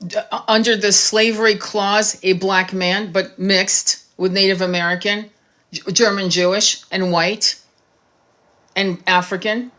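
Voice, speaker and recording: A woman's voice: medium pitch, steady tone, measured pace, fairly bright tone. A woman tarot reader giving an impassioned monologue to her viewers, blunt and heated, swearing freely.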